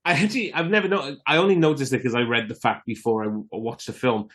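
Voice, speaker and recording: A man's voice: mid-range voice, steady tone, quick pace, fairly bright tone. Laid-back man reading film trivia. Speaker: podcast co-host. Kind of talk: casual film chat.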